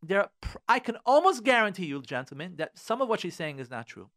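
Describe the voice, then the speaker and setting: A high-voiced male radio host talks from his studio with a very lively, swinging pitch. He is emphatic and repeats his key phrases, slipping Hebrew prayer words into his English advice. It is animated advice talk on a radio show. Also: fairly quick.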